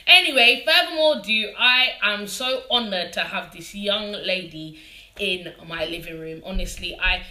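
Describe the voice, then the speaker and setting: A woman with a London accent hosts a casual live interview from a living room, chatty and bubbly and laughing often. Her mid-range voice is unhurried, pushed and bright, with noticeable reverb.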